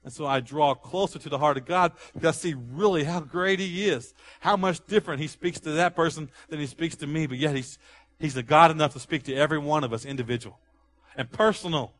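A man with a slightly high-pitched voice preaches a sermon in a lively, rhythmic way. He leans on repeated phrases and raises his voice to act out quoted speech. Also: fairly quick. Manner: animated preaching, acts out quotes with rising volume. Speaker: pastor.

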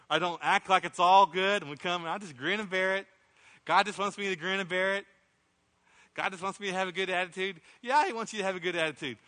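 Impassioned pastor preaching in a reverberant hall. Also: male voice, sits high, bright, forceful tone. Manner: impassioned, acts out prayers in a raised voice. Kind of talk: sermon.

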